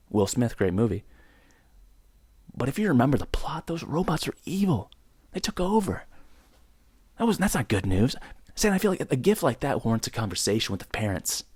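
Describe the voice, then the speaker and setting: A man's voice: mid-range voice, very animated, moderate pace, pauses often, breathy edge, dry recording. A young man hosting his own podcast in a joking, rambling rant, mock-outraged, close to the mic. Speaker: podcast host. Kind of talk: solo comedic podcast rant.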